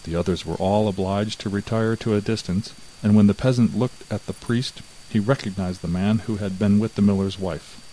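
A man narrating a fairy tale from a script in a measured, even way. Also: on the low side, slight background noise, poor audio. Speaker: storyteller.

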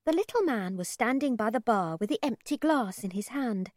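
A woman narrating a first-person children's story in an expressive, measured reading. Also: on the high side, no echo, studio quality. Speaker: audiobook narrator.

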